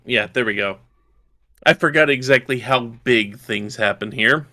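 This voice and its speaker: A man's voice: mid-range voice, measured pace, pushed and bright. A man from Yorkshire narrating a tabletop game as game master, describing scenes and checking rules aloud.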